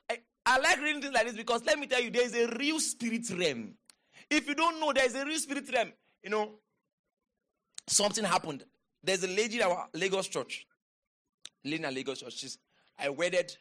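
A man's voice: high voice, lively intonation, moderate pace, pauses often, sharp tone. A man preaching a sermon, reading scripture aloud and breaking off into emphatic exclamations and call-and-response with the congregation. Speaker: pastor.

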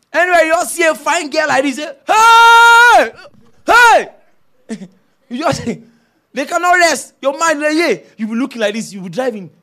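Man, preacher, high voice, bright and forceful, animated sermon. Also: moderate pace, long pauses. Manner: animated storytelling, shouting and laughing.

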